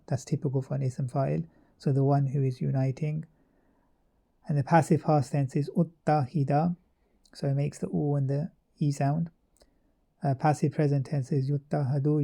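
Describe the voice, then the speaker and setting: Guy teaching grammar off a chart, super mellow dark voice, pretty monotone, lots of uhs. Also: mid-range voice. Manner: steady explanatory pacing with frequent uh fillers and self-corrections. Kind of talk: explaining verb charts in a lesson.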